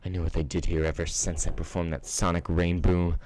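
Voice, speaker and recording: A man voicing a cruel adult female pegasus pony who runs a factory, speaking with venom and yelling in a fan-fiction reading. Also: deep voice, flat delivery, brisk, a little hiss or hum, natural voice, rough recording. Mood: furious. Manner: screaming, venomous.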